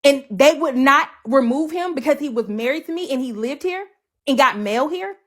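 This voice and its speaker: A high-pitched woman with lively intonation talks at a moderate pace on a livestream. Telling her account of a breakup, she stays casual, blunt and profane, restating her points to press them home.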